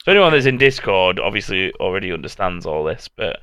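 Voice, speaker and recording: A man chats wryly on a podcast and laughs often. His voice is bright and smooth, a little low for a man. It is recorded close and dry. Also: big pitch swings, brisk, no room sound. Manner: laid-back, wry, laughs often. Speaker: podcast co-host. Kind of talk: casual podcast banter.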